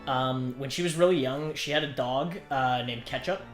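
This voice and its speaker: A man's voice: medium pitch, normal speed, echoey room, faint music behind. A man telling a family ghost story in a loose, rambling way, full of fillers and restarts. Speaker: storyteller in a group chat. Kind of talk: casual storytelling. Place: indoors, a hot room.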